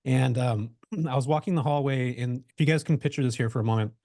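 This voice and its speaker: This real estate investor, a male webinar guest, talks fast at medium pitch with a dark tone. His storytelling is casual and peppered with fillers and restarts. Heard over a video call mic, the audio is studio quality with no echo.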